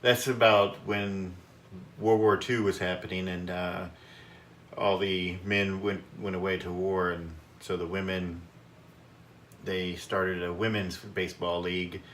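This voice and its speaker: Man, very low voice, co-host, casual chat, relaxed, faint background noise. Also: a little slow.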